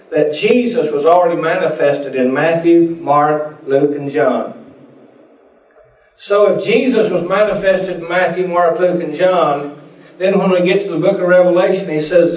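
High-voiced preacher in an echoey room. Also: male voice, darkish tone. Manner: folksy storytelling, acts out voices of people in his stories. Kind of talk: sermon. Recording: echoey room, voice picked up from a distance.

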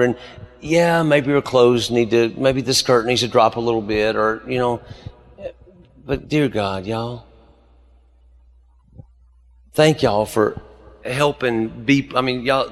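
A man, preaching a sermon as pastor and telling stories with rising emphasis. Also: mid-range voice. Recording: long hall reverb.

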